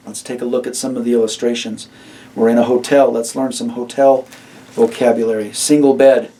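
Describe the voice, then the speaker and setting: Guy teaching spanish vocab, chatty and encouraging, mellow voice, mic a bit far off. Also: medium pitch, level tone, moderate pace. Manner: encouraging, chatty, asks students questions. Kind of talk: recorded vocabulary lecture.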